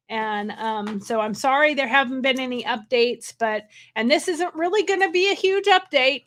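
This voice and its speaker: A woman's voice: on the high side, fairly bright tone. Wired, chatty woman. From California. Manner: rambling, wired and chatty with laughs. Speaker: livestream host. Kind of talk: casual livestream chat. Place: hotel room.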